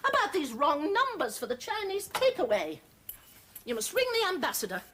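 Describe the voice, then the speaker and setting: An actress playing a snobbish, pompous middle-aged housewife with prim, affected diction, from a sitcom clip. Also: female voice, high voice, huge pitch swings, moderate pace. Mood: haughty. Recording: TV sitcom clip with loud noise and laugh track.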